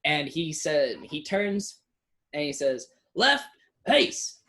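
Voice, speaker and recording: A game master narrating a tabletop game, unhurried, with many ums and restarts. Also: mid-range voice, expressive.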